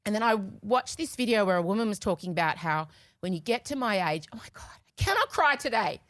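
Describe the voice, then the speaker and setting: A woman's voice: medium pitch, very animated, fast, a bit bright, dry recording. A woman in her forties co-hosting a podcast, talking candidly and emotionally while tearful. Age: 40s. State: crying. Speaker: podcast co-host. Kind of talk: casual chat.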